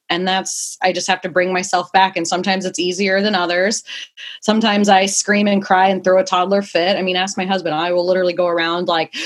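A woman's voice: medium pitch, little pitch movement, brisk. A young woman, a mother of two small children, talking candidly in a casual podcast chat, rambling and swearing now and then.

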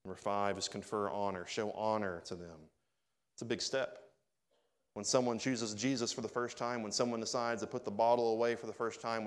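Conversational man preaching a sermon. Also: on the low side. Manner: conversational, addresses the congregation directly. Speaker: pastor.

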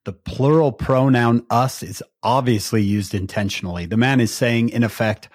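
A man hosting a podcast, reading a quoted passage aloud in a slow, earnest way with pauses. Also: mid-range voice, dry recording, clean studio sound.

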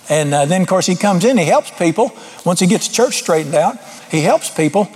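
Male preacher, middle-aged, fairly high husky voice, folksy, blunt, self-deprecating sermon delivery. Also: animated, brisk, hardly any pauses, a little mellow. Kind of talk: informal sermon.

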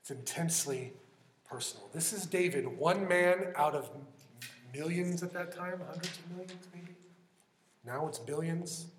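A man preaching a sermon in an earnest, conversational way, often dropping to a hushed voice for emphasis. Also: fairly high pitch, a little slow, roomy sound, a little hiss or hum.

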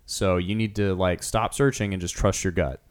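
A man with a lowish voice co-hosts a podcast, chatting casually. He rambles, leans on fillers, and lets his sentences fade out softly. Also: fairly even intonation, moderate pace. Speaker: podcast co-host. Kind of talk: casual chat.

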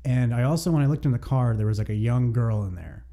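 Male podcast co-host, deep mellow tone, loose chatty storyteller. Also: fast. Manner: rambling storyteller, frequent "like". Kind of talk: casual chat.

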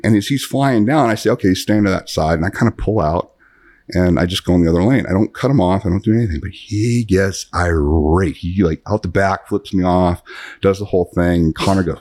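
A man in his fifties, a guest in a podcast interview, telling long animated anecdotes with many restarts. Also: low-pitched, brisk. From United States. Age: 50s. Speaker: guest, self-defense author.

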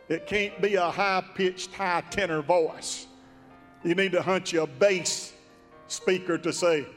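A man preaching a sermon in a folksy, drawn-out, emphatic way. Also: sits high, in a large hall, faint music behind. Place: church sanctuary.

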